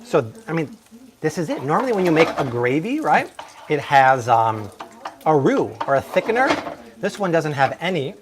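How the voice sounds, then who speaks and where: A man's voice: a little high, sing-song, moderate pace, noisy background. A man hosting a live cooking demonstration in his kitchen, talking enthusiastically and exclaiming over the food. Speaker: cooking show host. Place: home kitchen.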